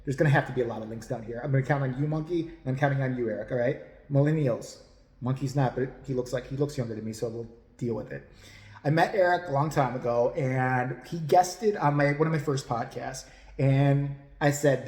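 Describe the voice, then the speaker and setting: A man's voice: medium pitch, darkish tone, echoey room, in a large hall. A man hosting a podcast, talking casually to viewers in a blunt, rambling, profane way. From United States. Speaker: podcast host.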